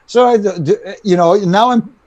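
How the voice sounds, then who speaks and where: A man's voice: high voice, moderate pace, dry recording, highs cut off. A middle-aged man telling stories as a guest on a video call podcast, acting out quotes and peppering his speech with "you know.". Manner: animated, acts out quotes, frequent "you know". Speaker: guest, retired referee. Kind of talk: casual storytelling on a podcast.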